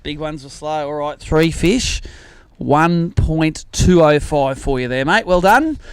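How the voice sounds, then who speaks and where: High-voiced Australian man hosting a weigh-in. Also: a little slow. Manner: joking, chatty, teasing anglers. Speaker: tournament host. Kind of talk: live weigh-in commentary.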